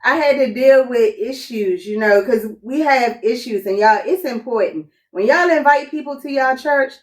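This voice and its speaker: A woman telling a personal story in a casual testimony chat, animated and acting out quotes. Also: fairly high pitch, moderate pace, distant mic.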